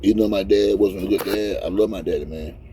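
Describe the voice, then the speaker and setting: Speaking fast in a low, steady, dark-toned voice, this truck driver vlogger in his fifties weeps through a casual, emotional vlog from his cab. He rambles and repeats himself, heartfelt throughout, with slight background noise in the recording.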